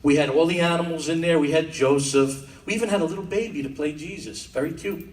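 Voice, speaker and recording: Brisk and fairly high-pitched, a man tells wisecracking stories in a stand-up set, including mock-tough Italian-American bits. The club audio is roomy and taken from afar, filled with audience laughter and club ambience.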